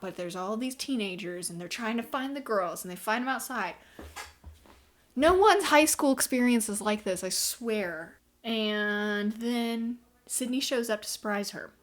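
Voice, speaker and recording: A woman reviewing a book in a casual vlog, retelling the plot in a sarcastic, incredulous way with plenty of fillers. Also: a little high.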